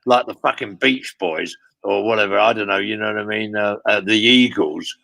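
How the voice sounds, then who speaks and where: A man's voice: fairly low pitch, normal speed, creaky, pushed and bright, dry recording, poor audio. An older man telling long rambling road stories in a casual interview, swearing freely and padding with "you know what I mean". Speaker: guest storyteller.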